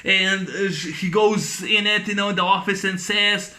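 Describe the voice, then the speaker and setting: A man's voice: sits high, steady tone, moderate pace, bright, forceful tone. A man giving a casual spoken movie review, rambling with many fillers and often laughing as he retells scenes. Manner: rambling, full of fillers and "you know".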